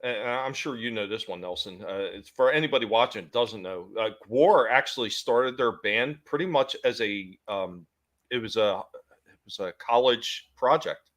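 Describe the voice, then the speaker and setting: A man chatting casually about bands in a relaxed, halting way, often chuckling. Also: lowish voice. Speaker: podcast co-host. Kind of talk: casual chat.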